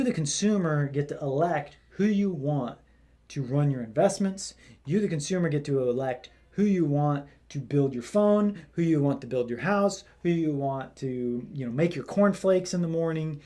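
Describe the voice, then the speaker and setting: A man's voice: a little high, animated, moderate pace, warm tone. A man hosting casual political commentary, talking in a rambling way with lots of fillers. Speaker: commentary host.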